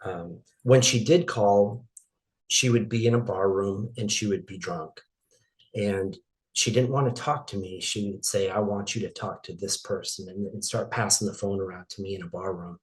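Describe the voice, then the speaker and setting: Middle-aged guy from maine, lowish voice, halting and emotional, lots of restarts, telling his story in an interview. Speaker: interview guest.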